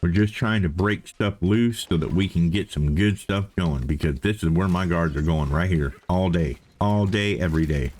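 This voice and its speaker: A let's play host gives casual, chatty commentary while gaming, his voice low and darkish at normal speed with few pauses. He thinks aloud, repeats himself, and keeps up a playful self-talk.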